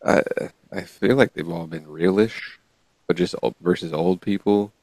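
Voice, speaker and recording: Low gravelly podcast guy, laughing a lot. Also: moderate pace, darkish tone, no room sound. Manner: laughs often, reads articles aloud. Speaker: podcast co-host. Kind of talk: casual chat.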